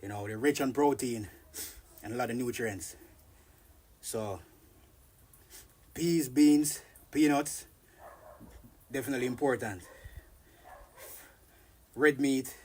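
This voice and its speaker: A man's voice: medium pitch, takes it slowly, pauses often, darkish tone, slightly rough. A man with a Jamaican accent, chatting loosely with viewers on a live workout stream from outdoors, greeting them by name. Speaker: fitness streamer. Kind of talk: casual live-stream chat. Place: outdoors in the countryside.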